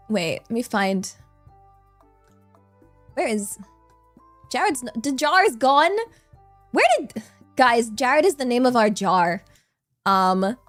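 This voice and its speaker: A giggly, excitable woman streaming from home, her voice pitched high and bright as she chats with viewers. She talks in an unhurried, drawn-out way and slips Japanese words into her chat. Soft music plays faintly behind her. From United States. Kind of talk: casual live-stream chat. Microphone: good desk microphone.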